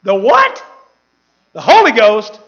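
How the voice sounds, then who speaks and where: A man preaching a fiery sermon, with shouted peaks and laughter. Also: high-pitched, huge pitch swings, slow, lo-fi sound.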